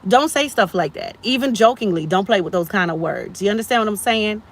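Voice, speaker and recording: A woman's voice: mid-range voice, animated, brisk. A woman in her thirties hosting a motivational live stream, preachy and encouraging, repeating phrases for emphasis.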